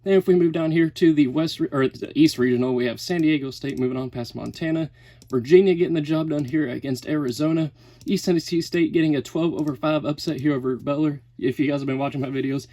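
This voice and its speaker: Fast-talking, out-of-breath young vlogger man. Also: fairly high pitch, dark tone, no room sound. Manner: rattles off lists quickly, corrects himself mid-sentence. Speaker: sports YouTuber. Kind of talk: casual bracket breakdown vlog.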